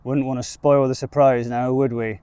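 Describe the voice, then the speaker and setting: A man's voice: medium pitch, flat delivery, normal speed, mellow, clear, resonant tone, no echo, close to an everyday voice. A man voicing a fussy, flirtatious woman who runs a village shop, speaking in a raised, fussing tone.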